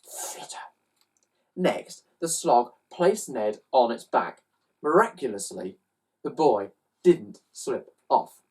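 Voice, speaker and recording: Woman reading children's story, animated, low, slow, husky, a bit far from mic. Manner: animated, with loud sound effects.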